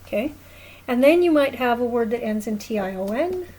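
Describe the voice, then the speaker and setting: A woman's voice: on the high side, expressive, normal speed, mellow, slight background noise, rough recording. A woman teaching a recorded lesson, explaining patiently at a whiteboard and often checking in with "okay?". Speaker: Spanish teacher.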